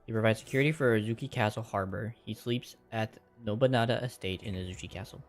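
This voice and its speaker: A man's voice: lowish voice, fast talker, soft background music. Casual male game streamer chatting. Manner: rambling, casual, chatting with viewers. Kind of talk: casual chat while gaming.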